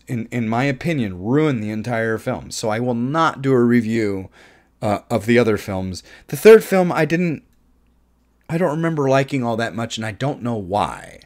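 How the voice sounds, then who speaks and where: A man talking through a movie review in a relaxed, unscripted way. He is opinionated and excitable, and his middle-pitched voice jumps higher whenever he gets emphatic. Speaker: film reviewer. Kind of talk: casual spoken movie review.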